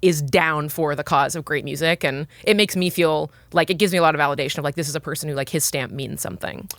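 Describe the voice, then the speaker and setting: A woman's voice: sits low, steady tone, quick pace, no room sound. A young woman, a singer-songwriter guest, chatting casually, gushing and filling her talk with "like". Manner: gushing, says "like" a lot, laughs easily. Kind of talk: casual chat.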